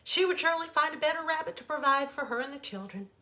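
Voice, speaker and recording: A woman author reading a bedtime fable aloud in an expressive, dramatic storytelling manner. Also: high-pitched, fast. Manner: expressive, dramatic, warmly animated. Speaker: author reading her own stories.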